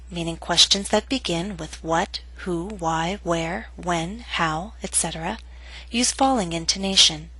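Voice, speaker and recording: Lesson narrator: woman, bright and slightly husky, dry close mic, careful model readings. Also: fairly low pitch, no room sound, rough recording. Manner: slow, clearly enunciated model readings. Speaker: English pronunciation teacher. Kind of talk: scripted instructional narration.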